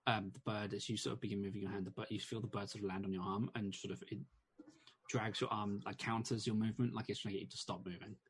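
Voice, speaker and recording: Game master, man, low husky voice, rambling descriptive narration for a tabletop game. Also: steady tone, quick pace. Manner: rambling narration full of fillers and restarts.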